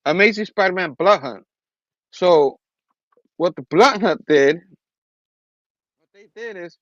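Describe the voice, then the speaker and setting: Guy rambling thru a comic recap on his show, kinda high voice, dry close sound. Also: dry recording, muffled recording. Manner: rambling recap with restarts and acted quotes. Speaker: comic book review host. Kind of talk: casual chat.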